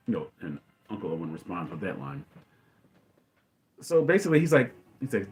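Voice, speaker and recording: A man in casual commentary, rambling and enthusiastic as he retells a movie scene and acts out lines in quick voices. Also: deep voice, sing-song, darkish tone, slight background noise. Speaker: podcast host.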